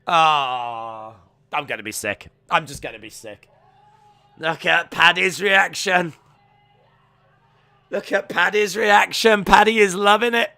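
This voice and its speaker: Male streamer, excitable reactor, slow-spoken between outbursts, bright tone. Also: sits high, soft background music. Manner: excitable, shouting and exclaiming in bursts. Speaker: live stream watch-along host. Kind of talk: live fight reaction commentary.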